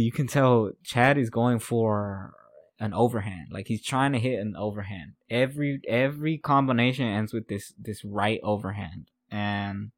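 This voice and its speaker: A man's voice: on the low side, no room sound, clean studio sound. A man hosting a podcast, recapping a fight in casual chat, rambling, repeating himself and laughing at his notes. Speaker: podcast host.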